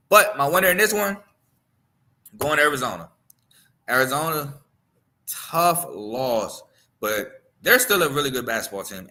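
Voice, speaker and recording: A man with a bright, forceful voice runs his own sports talk show. He delivers his picks and takes in a relaxed, offhand way. His speech is loose and conversational, with repeated phrases and the odd "man" dropped in. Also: mid-range voice. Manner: gives picks and opinions in a confident, offhand way. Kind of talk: casual sports talk commentary.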